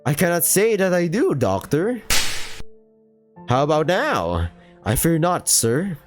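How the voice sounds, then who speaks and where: A man's voice: on the high side, very animated, takes it slowly, over music, voice pushed up. A man voicing a prim, overly formal British war veteran in a game playthrough. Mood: polite.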